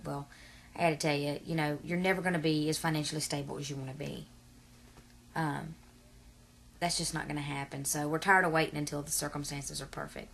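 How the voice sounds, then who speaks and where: Her voice is low and creaky. She's a vlogger in her 30s, chatting casually and long-windedly to camera with lots of fillers and asides.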